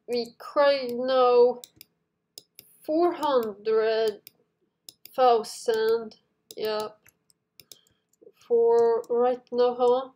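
A woman giving casual gameplay commentary, speaking very slowly with frequent giggles. Her voice sits a little high and has a soft, mellow tone. She talks straight to her viewers in a chatty way. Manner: chatty, giggles often, addresses viewers directly. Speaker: gaming video host.

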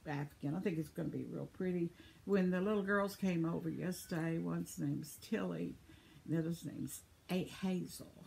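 A woman's voice: on the low side, moderate pace, creaky, a little mellow, a little hiss or hum. A woman in her seventies, chatty and laughing often, reading viewer comments aloud in a casual vlog while losing her voice. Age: 70s. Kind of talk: casual chat.

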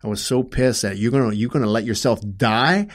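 A middle-aged man telling a painful personal story in an interview, halting and emotional, often restarting his sentences and growing loud when upset. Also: mid-range voice.

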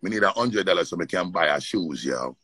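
Guy doing a jamaican corner hustler begging for cash, low husky voice, keeps tacking on yo. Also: lively intonation, brisk, sharp tone, dry recording, clean studio sound, heavily acted. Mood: wheedling. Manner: begging, ends each phrase with "yo". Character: broke-acting male Jamaican street hustler.

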